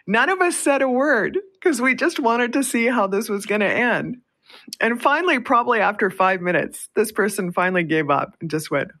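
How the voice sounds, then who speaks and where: Bright-voiced woman radio host, chatty. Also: on the high side, animated, moderate pace. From Canada. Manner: chatty, laughs often while telling a story. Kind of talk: storytelling on a call-in radio show.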